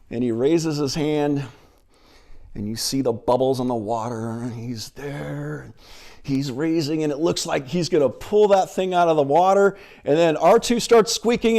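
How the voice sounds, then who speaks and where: A middle-aged male minister giving a sermon, retelling a film scene in an animated storytelling manner. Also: on the high side.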